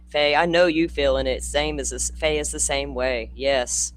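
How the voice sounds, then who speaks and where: A woman's voice: sits low, fairly even intonation, fairly quick. An older Florida woman, hosting a casual livestream and chatting with viewers by name, laughing and swearing freely. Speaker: true crime channel host.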